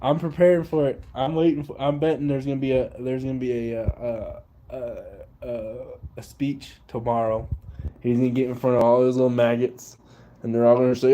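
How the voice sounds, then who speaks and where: A man's voice: mid-range voice, steady tone, normal speed, dull audio. A young man ranting casually and profanely, with slang and laughter. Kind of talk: casual political rant.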